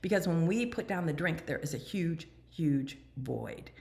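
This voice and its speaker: A woman candidly talking about her recovery in an animated personal monologue, sometimes dropping to a near whisper. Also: deep voice, unhurried. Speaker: recovery speaker and channel host.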